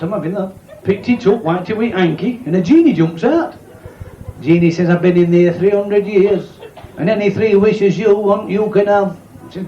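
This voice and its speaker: In a pub or working men's club, a comedian with a high voice works through bawdy stand-up, firing off crude jokes and cheekily bantering with the audience. The lo-fi live recording is echoey, and the crowd noise is loud.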